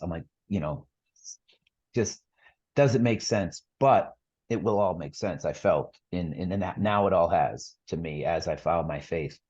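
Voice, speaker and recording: A man's voice: low voice, a little slow, a little mellow, slightly rough, lo-fi sound. A middle-aged man, a podcast guest, telling his story earnestly in a rambling casual way with lots of fillers and restarts.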